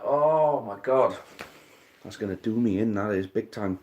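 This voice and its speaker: A man with a very low voice hosts a live online quiz at a measured pace, chatting loosely with the players. He thinks out loud, swears casually, and keeps calling everyone "mate."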